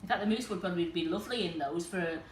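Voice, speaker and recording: A woman's voice: lowish voice, quick pace. Chatty woman teaching a cooking demo. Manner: chatty, explains step by step to viewers. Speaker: cooking demonstrator and host. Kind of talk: live cooking demonstration. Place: kitchen. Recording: echoey kitchen with faint noise.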